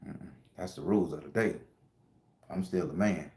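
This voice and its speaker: His voice is low and dark, at a moderate pace, with a roomy sound. A middle-aged tarot reader hosting a spiritual livestream, he addresses his audience casually and with slang while recounting a moving story.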